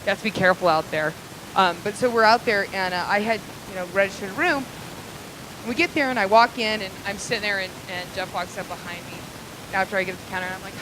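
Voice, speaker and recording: A woman comic works a small club crowd with crude, meandering stories full of ums and likes. Her voice sits mid-pitch, and a faint hiss runs under the live recording. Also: fast talker. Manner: crude, rambling storytelling with fillers. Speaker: stand-up comedian. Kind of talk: stand-up comedy set.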